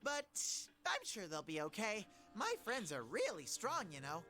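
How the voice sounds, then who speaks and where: A woman's voice: medium pitch, huge pitch swings, unhurried, music in the background. A woman voicing a cheerful, fussy young male bear mascot who dotes on his friends, in a fan reading of a game script. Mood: chirpy. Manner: bubbly and fretful, doting on a companion.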